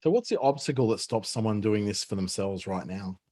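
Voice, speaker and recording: Aussie guy hosting a webinar, low husky mellow voice, chatty and jokey. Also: animated, a little fast. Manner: chatty, joking, coaching. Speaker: webinar host. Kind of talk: casual coaching chat.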